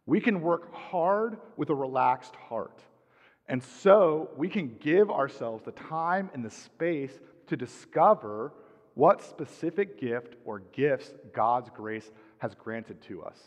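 A middle-aged man preaching a sermon as pastor, calm and measured, letting his phrase ends drop softly. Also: medium pitch. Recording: dull sound with long hall reverb.

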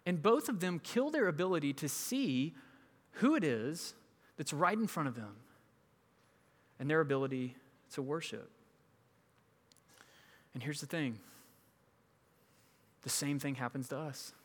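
A man's voice: a little high, lively intonation, unhurried, pauses often, in a large hall. A man preaching a sermon in a conversational way, acting out the people in his stories. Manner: conversational, acts out quoted people. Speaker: pastor.

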